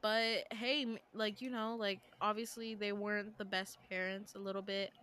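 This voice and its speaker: A woman's voice: medium pitch, steady tone, moderate pace, pushed and bright. A woman hosting a podcast, retelling a dream in a loose, rambling way, full of fillers and restarts. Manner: rambling, lots of "like" and restarts, laughs often. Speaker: podcast host recounting her dreams. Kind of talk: casual storytelling chat.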